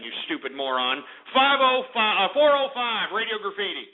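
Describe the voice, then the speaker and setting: Male radio host, abrasive and mocking, high voice, tinny phone-line sound. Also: very animated, moderate pace, hardly any pauses, a little hiss or hum. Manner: insulting, mocking, barking at callers. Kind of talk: abrasive call-in radio rant.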